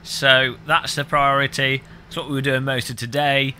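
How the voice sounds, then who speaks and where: A British man chatting on a live game stream, wandering from topic to topic with dry, absurd humour. His voice sits at an ordinary pitch for a man, with a very bright, sharp edge to it. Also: moderate pace, a little hiss or hum. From United Kingdom. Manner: rambling, deadpan absurd joking. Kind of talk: casual live-stream chat.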